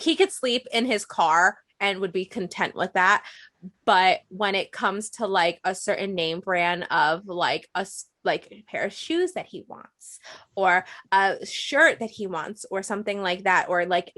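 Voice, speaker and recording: A young woman co-hosting a podcast, telling stories in a casual chat, acting out quotes and laughing often. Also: mid-range voice. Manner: animated storytelling, acts out quotes, laughs often. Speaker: podcast co-host.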